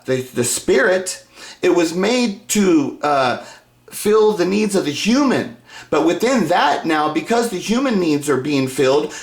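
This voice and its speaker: A man talking in a rambling monologue, restarting his sentences, swearing a lot and working himself up into shouting rants. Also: high voice. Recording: echoey room.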